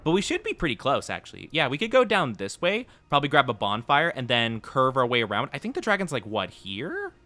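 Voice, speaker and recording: A man's voice: mid-range voice, huge pitch swings, a little fast, hardly any pauses, bright, forceful tone. A man streaming a video game, chatting playfully with his viewers in a casual commentary style and laughing often. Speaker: VTuber streamer. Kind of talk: casual gaming commentary to chat.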